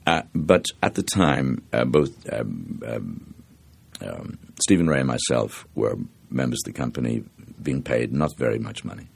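Gravelly low-voiced Dublin man telling stories. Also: animated, a little slow. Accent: Dublin, South Circular Road. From Ireland. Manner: reflective, anecdotal, with many restarts and fillers. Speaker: actor. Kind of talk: interview, storytelling.

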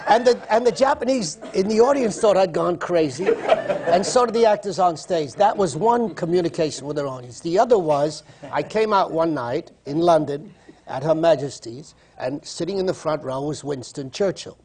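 A man's voice: fairly high pitch, lively intonation, normal speed, a little mellow. A man, a stage actor, telling amused stories on a panel, with frequent stumbling restarts.

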